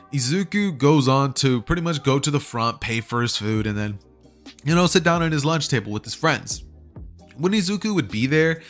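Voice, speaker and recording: A man's voice: mid-range voice, fairly bright tone. A man casually telling a fan story, chatty and slangy, often checking in with his listeners. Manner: chatty, slangy, keeps asking "right?". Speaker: YouTuber.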